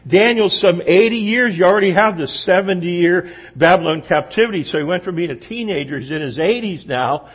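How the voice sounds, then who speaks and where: This middle-aged man's sermon comes in a high, husky voice at a brisk clip with few pauses. As a pastor addressing a room, he tells lively stories and puts questions to the audience, all on dull lo-fi audio.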